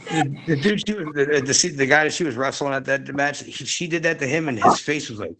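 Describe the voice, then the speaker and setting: A man's voice: medium pitch, brisk, noisy background. A man in a casual interview who rambles through stories, full of fillers. He laughs often as he talks. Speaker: interview guest, wrestler. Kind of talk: casual storytelling chat.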